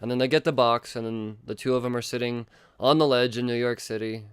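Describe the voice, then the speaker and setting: A man hosting a podcast, reviewing comic books in a casual, excitable, rambling way with lots of swearing. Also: mid-range voice, a little fast, smooth, dry recording. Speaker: podcast host.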